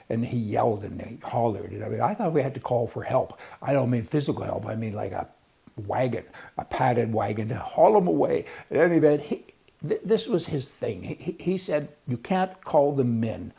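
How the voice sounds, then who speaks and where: A man's voice: medium pitch, a little fast, creaky, warm tone, breathy edge. An older man who hosts a rambling, folksy, opinionated commentary show. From Canada. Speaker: host.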